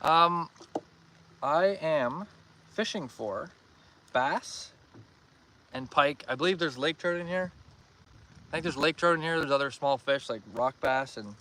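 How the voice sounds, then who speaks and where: A man's voice: on the high side, unhurried, long pauses, recorded from a distance. A young man from Northern Ontario, Canada, chatting casually with viewers while fishing on a lake outdoors. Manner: relaxed, chatty, reads and answers viewer comments. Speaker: fishing livestreamer. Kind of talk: casual live-stream chat. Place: outdoors by a lake on a windy day. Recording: loud wind noise over outdoor mic.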